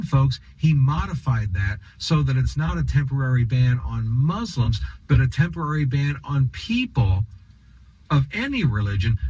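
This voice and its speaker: A man's voice: medium pitch, darkish tone, breathy edge, rough recording. A man giving an opinion monologue as a political commentator, sarcastic and emphatic, firing off rhetorical questions.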